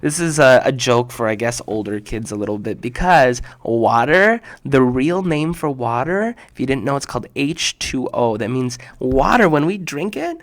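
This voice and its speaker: A man hosting a children's show in casual live chat, enthusiastic and exclaiming, repeating punchlines slowly. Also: mid-range voice, lively intonation. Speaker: host of a kids' show. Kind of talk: casual live chat reacting to viewers' jokes.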